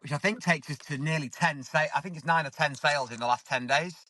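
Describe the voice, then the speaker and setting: A man's voice: a little high, fast talker, bright, forceful tone, no room sound. Lisping guy rambling on a podcast from his car, dry close mic. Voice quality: lisp. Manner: chatty, rambling storyteller. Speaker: podcast co-host. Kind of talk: casual podcast chat. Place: parked car.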